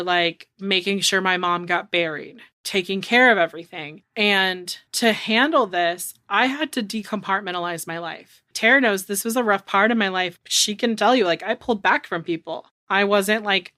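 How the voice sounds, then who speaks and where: A woman's voice: medium pitch, bright, forceful tone, no room sound. A woman in her thirties, co-hosting a podcast in casual chat, frank and chatty, with lots of swearing and "like". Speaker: podcast co-host.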